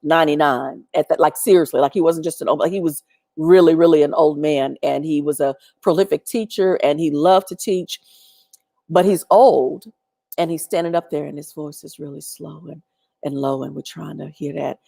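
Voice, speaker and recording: A woman tells a personal story in a lively, animated way, breaking up her sentences with fillers. Her voice sits on the low side, and the sound is dry and close with no room echo. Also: moderate pace, gravelly. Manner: animated, laughing, lots of fillers.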